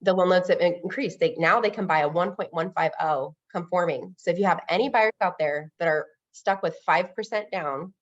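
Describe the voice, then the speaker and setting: The audio is dull as a woman with a lowish voice talks fairly quickly, with hardly any pauses, in a casual interview. She's a loan officer and energetically acts out quoted dialogue from her client conversations.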